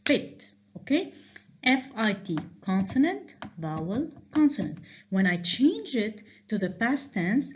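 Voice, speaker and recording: A woman's voice: medium pitch, darkish tone. Woman teacher, patient, lots of "okay?". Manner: patient, stresses key points with frequent "okay?". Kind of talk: recorded grammar lecture. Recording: slightly dull lo-fi sound with faint noise.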